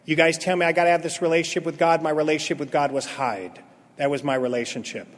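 A man sharing his recovery story at a meeting, an animated storyteller who acts out quotes and swings from loud to hushed. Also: on the high side, fast talker. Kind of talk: personal recovery testimony. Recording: long hall reverb.

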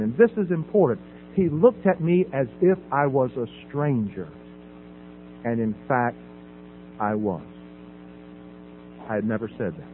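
A middle-aged man giving a personal testimony at a recovery meeting podium, dramatic, swinging from loud emphasis to hushed quiet. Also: a little high, expressive, normal speed, pauses often, phone-quality sound. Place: at a podium before an audience. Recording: phone-thin audio with faint hum.

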